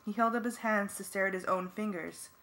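Woman, fan audiobook narrator, first-person storytelling, earnest, bright tone, mid pitch. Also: brisk.

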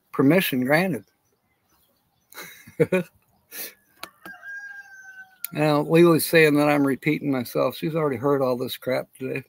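A man talks slowly in a somewhat high voice, chatting loosely to viewers on his live stream. He rambles from thought to thought, chuckles often, and greets people in the chat by name. He is outdoors in the sun. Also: vocal fry, no echo. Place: outdoors in sunshine.

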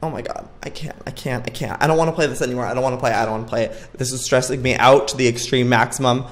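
A man's voice: medium pitch, steady tone, fast talker. A man hosting a let's play of a horror game, jumpy and frightened, talking to himself and yelping. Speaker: gaming channel host.

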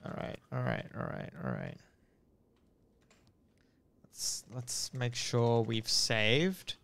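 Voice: mid-range voice, wildly swooping pitch, takes it slowly, gravelly, fairly bright tone. A streamer playing a game and chatting casually, laid-back and cursing often. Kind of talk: casual chat while gaming.

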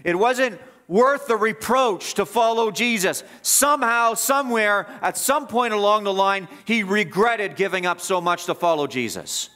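A man preaching a sermon as pastor, emphatic and repetitive, building up and then dropping low. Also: expressive, unhurried, hardly any pauses, sharp tone. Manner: emphatic, repetitive preaching with rising and falling intensity. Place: church.

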